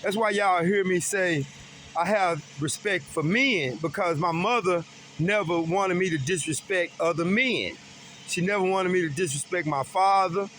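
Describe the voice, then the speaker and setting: Man, high voice, bright tone, earnest, faint road hum. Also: normal speed. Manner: earnest, emphatic, swearing. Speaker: vlogger. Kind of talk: personal talk about grief.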